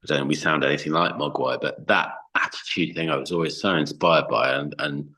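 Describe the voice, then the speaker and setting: Male podcast guest, very low pitch, loose rambling storyteller who swears casually. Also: steady tone, brisk, sharp tone, rough recording. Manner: chatty, swears freely, many fillers. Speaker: podcast guest, band frontman.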